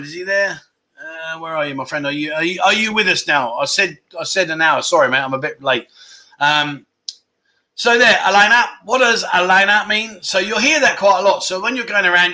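A chatty middle-aged man hosting a relaxed livestream from home. His voice is bright and sits a little high, and he rambles, stops mid-sentence and chuckles at his own mix-ups. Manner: chatty, self-interrupting, laughing at his own slips. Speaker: livestream host. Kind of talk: casual livestream chat.

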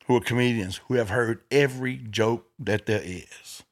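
Here a man who does stand-up spins yarns in a loose, chatty style, lively and foul-mouthed, voicing the people who appear in his tales. His pitch is mid-range and his pace moderate.

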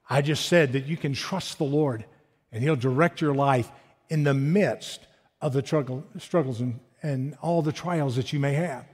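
High-voiced preacher in a reverberant hall. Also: male voice, normal speed, breathy edge. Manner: animated preaching with rhetorical questions. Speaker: pastor. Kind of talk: sermon.

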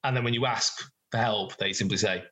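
A man's voice: on the low side, steady tone, fairly quick, pushed and bright. A man narrating as game master of a tabletop game, playful and often laughing.

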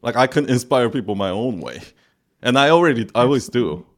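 A man co-hosting a podcast in casual chat, with a calm, soothing voice and a rambling manner full of filler words. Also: mid-range voice, brisk. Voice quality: calm voice that listeners find soothing. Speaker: podcast co-host.

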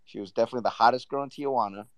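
A man's voice: mid-range voice, racing, no room sound. A man from Southern California telling a rambling story in casual chat, laughing now and then. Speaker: panelist. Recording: dull lo-fi audio.

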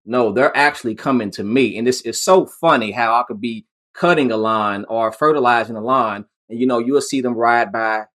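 A man's voice: mid-range voice, normal speed, hardly any pauses, a bit bright. A man in casual conversation, telling stories about his lawn care business in an easygoing way, with frequent restarts. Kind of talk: casual chat.

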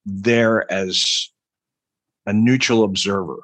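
Low husky-voiced man, emphatic storyteller. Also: steady tone, takes it slowly, fairly bright tone, no room sound. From Long Island, New York. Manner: rambling, emphatic, keeps asking "right?". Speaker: author, military veteran guest. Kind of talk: conversational interview.

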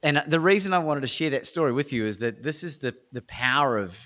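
A man's voice: mid-range voice, fairly quick. An Australian man, a speaker and coach, telling stories energetically as an interview guest and acting out dialogue. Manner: energetic, acts out dialogue, frequent restarts. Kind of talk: animated interview storytelling.

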